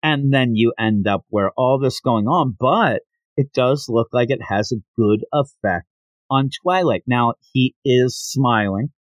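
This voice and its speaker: A man's voice: mid-range voice, unhurried, dry recording. A man hosting a podcast, talking through a manga with enthusiasm and frequent laughs. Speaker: podcast host. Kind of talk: casual manga discussion.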